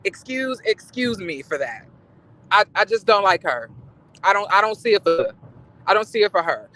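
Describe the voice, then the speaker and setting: A man's voice: sits high, very animated, moderate pace, pushed and bright. A man giving casual, sassy gossip commentary on reality TV, profane and rambling, with many restarts.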